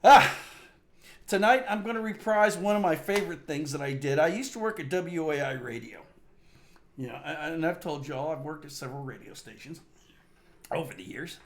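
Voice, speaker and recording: Animated joking radio host man. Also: a little high, moderate pace, a little hiss or hum. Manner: joking, laughing often, animated. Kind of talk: comedic radio talk.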